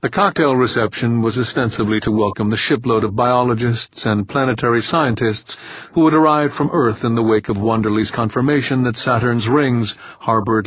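A man reading a novel aloud in a steady, measured narration. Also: mid-range voice, husky, no echo. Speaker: audiobook narrator. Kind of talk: scripted narration. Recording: dull lo-fi dry recording.

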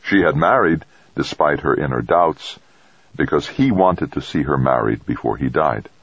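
A man reading an audiobook in a measured, even storytelling manner. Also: very deep voice, slightly rough, dull audio. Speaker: audiobook narrator. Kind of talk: scripted narration.

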